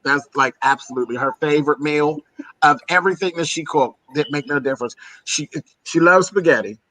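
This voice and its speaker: A chatty man from Pennsylvania with a bright, sharp tone and a slightly high pitch. He talks casually and loosely, tossing in "honey" and "girl" and laughing along the way. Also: fairly quick, no room sound. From Pennsylvania, USA. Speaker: host. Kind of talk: casual chat.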